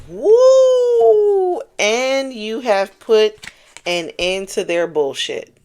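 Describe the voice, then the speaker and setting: Casting a woman as a tarot reader: casual, animated, swears freely, hammers points by repeating them. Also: medium pitch. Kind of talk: casual channeled tarot reading.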